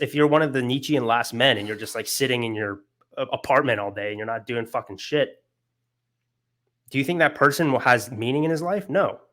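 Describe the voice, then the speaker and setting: A man's voice: mid-range voice, a bit bright. A young man giving a casual philosophy lecture, earnest and emotional, with many fillers and restarts.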